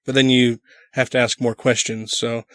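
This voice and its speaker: A man's voice: medium pitch, level tone, moderate pace, fairly bright tone, no echo, studio quality. A man co-hosting a casual podcast, bantering and swearing freely. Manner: profane, laughing banter. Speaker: podcast co-host.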